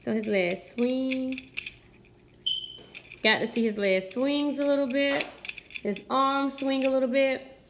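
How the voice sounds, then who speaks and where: A woman's voice: high-pitched, fairly even intonation, slow, pauses often, background noise. A mother on a family channel chatting to viewers as she unboxes and demonstrates a toy, in a voice she calls whiny. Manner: chatty, addresses viewers as guys.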